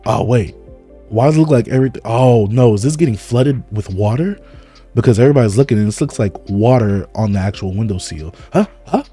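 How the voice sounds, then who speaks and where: A man reading manga aloud and reacting live, in excitable, casual, slang-heavy commentary. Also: lowish voice, fairly quick, slightly rough, soft background music.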